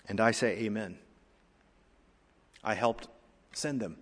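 A male pastor preaching a sermon with emphatic rises and drops in loudness, in a church sanctuary. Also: lowish voice, slow. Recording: long hall reverb.

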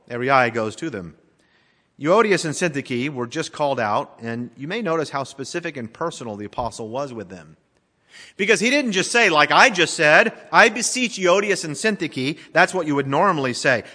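Man, middle-aged, pastor, sermon, dramatic, emphatic then hushed, bright, long church reverb. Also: on the high side. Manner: dramatic, swings between emphatic and hushed delivery. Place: church sanctuary.

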